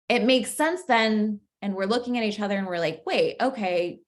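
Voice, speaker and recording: A woman's voice: medium pitch, fairly quick, slight background noise. A young adult woman coaching a masterclass in a chatty, playful way, laughing often and saying "like" a lot. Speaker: manifestation coach. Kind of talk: casual masterclass teaching.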